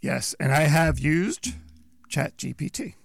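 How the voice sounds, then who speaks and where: A man's voice: a little high, slow pace, gravelly, dry recording, clean studio sound. A man co-hosting a casual radio chat, dropping wry quips. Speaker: radio co-host.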